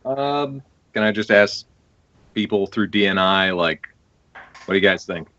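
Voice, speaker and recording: A man playing a tabletop role-playing game, talking casually and low-key. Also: expressive, a little slow, pushed and bright, highs cut off. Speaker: player.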